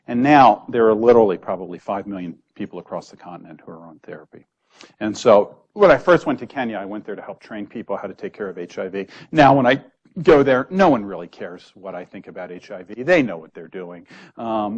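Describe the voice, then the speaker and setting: A middle-aged man, a physician giving a conversational lecture full of stories, telling them in an animated way and acting out the quotes. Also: on the low side, highs cut off. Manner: animated storyteller, acts out quotes.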